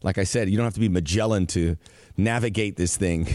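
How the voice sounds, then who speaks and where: Lower-voiced male podcast co-host, playful and animated, in a dry, close-miked room. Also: no echo. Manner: jokey, animated, quick asides. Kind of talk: casual sports podcast chat.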